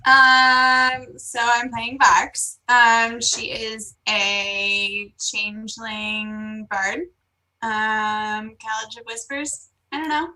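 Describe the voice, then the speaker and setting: A woman with a fairly high, bright voice introduces her character slowly and shyly. She sounds unsure of what to say. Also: level tone, rough recording. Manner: shy, unsure. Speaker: player. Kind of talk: casual tabletop game chat.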